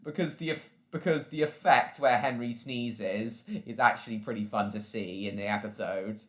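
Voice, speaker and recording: Brief: mid-pitched guy hosting a casual stream, chatty and loose, echoey room sound. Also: normal speed, slight background noise. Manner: rambling, chatty, reacts to viewer comments. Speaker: live stream host. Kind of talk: casual live-stream chat.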